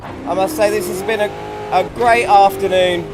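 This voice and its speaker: Streamer, fairly high voice, rambling chat while racing at his home rig, noisy background. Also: fairly even intonation, moderate pace. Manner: chatty, rambling, reacting to the race mid-sentence. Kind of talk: casual live-stream commentary while racing.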